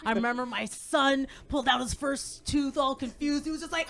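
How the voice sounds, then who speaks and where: A woman doing a stand-up comedy set on stage, animated, acting out her kids in loud voices. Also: on the high side, a little fast, few pauses. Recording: live room with crowd audible.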